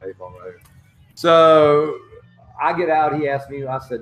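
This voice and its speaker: Man, podcast host, profane animated storyteller, casual chat. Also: a little high, measured pace, faint music behind. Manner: swearing, animated storyteller acting out dialogue.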